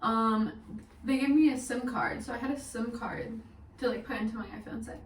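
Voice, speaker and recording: A woman's voice: on the high side, steady tone, normal speed, recorded from a distance. Chatty young woman in an echoey room. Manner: chatty, swears often, laughs through the story. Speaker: vlogger. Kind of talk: casual storytime vlog. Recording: echoey room, mic set back, faint hiss.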